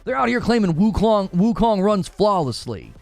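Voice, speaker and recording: A man's voice: high-pitched, big pitch swings, moderate pace, creaky, a little mellow, dry recording, faint music behind. A man co-hosting a gaming news show, ranting in an exasperated, sarcastic way. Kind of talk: heated gaming podcast rant.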